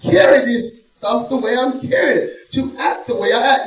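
In an echoey church, a high-voiced male preacher gives a dramatic sermon, swinging between hushed and loud with slow, drawn-out emphasis. His voice is heard from a distance.

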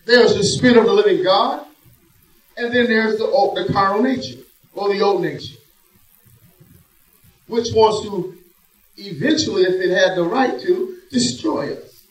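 A man preaching a sermon in a church, swinging between hushed, drawn-out phrases and loud emphatic bursts. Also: sits high. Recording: echoey room, voice from a distance.

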